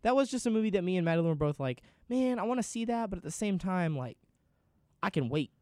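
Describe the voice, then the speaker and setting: A man's voice: sits high, expressive, quick pace, darkish tone, no room sound, studio quality. A man co-hosting a podcast, chatting casually and reading off a list of nominees. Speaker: podcast co-host. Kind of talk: casual chat.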